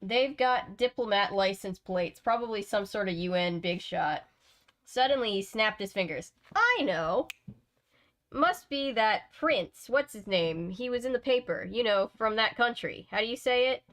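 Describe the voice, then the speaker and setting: A woman's voice: medium pitch, animated, measured pace, a bit bright. A gabbing, friendly male cab driver full of easygoing chatter, as a woman reads him aloud from a storybook. He keeps talking, upbeat and casual. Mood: chatty.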